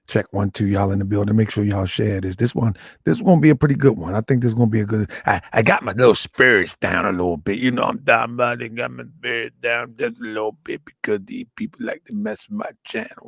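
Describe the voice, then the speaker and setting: Hoarse chatty male stream host. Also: fairly low pitch, fairly quick, no room sound, clean studio sound. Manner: chatty, repetitive, muttering asides while setting up. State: slightly hoarse, lost some voice. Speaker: livestream host. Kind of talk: casual livestream chat.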